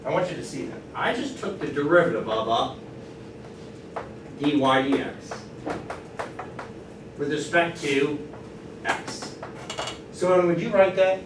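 A man's voice: high voice, unhurried, long pauses. Encouraging male math teacher, distant and roomy. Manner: lively, encouraging, asks the class questions. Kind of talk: classroom lecture. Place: classroom. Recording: roomy classroom from far off, faint noise.

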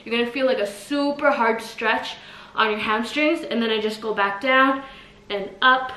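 Woman vlogger, slightly high voice, casual and breathless, roomy echo. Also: moderate pace, bright, forceful tone. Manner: chatty, lots of filler "like". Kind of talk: casual demonstration. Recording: echoey room, faint noise.

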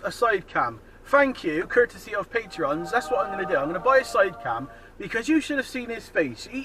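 A man, ranting sarcastically and swearing at other drivers from behind the wheel, recorded on a dash cam. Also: high voice. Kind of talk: ranting commentary while driving. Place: inside a car on city roads. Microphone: dash cam mic. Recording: distant voice over loud road noise.

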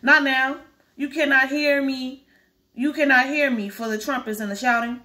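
A woman reading aloud as a lively, teasing old fairy godmother in a storybook, with a bright voice. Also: high voice, moderate pace. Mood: gentle.

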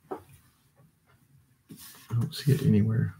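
A man with a drawl hosts a relaxed livestream from his home desk, chatting with viewers and answering their comments. His voice sits a little low, and he rambles in a loose, tired way, yawning as he talks. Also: moderate pace, slight background noise. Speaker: livestream host. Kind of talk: casual live chat reading comments.

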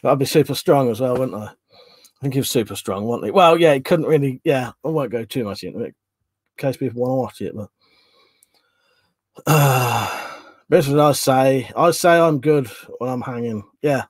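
A man's voice: mid-range voice, moderate pace, slightly rough, no echo. A man hosting a casual livestream, rambling and chatty as he reads out chat messages and swears offhand. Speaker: livestream host reading chat.

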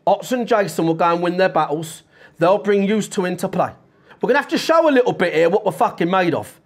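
Blunt swearing football manager. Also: male voice, high voice, expressive, brisk. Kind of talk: half-time team talk.

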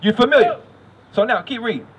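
A male street preacher with a very high, bright, forceful voice. He fires repeated questions at a reader and keeps directing him to go on. His talk is quizzing and commanding. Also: expressive, fairly quick, husky. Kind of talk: street preaching with call-and-response Bible reading.

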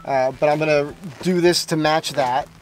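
A middle-aged man with a New Jersey accent, showing off his van in halting, deadpan, joking chat. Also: fairly high pitch. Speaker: guest. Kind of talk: casual chat.

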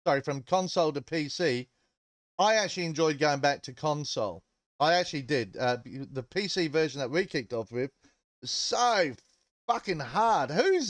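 A man's voice: a little high, no room sound. A man hosting a casual game livestream, joking and greeting viewers in chat as he rambles. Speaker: livestream host.

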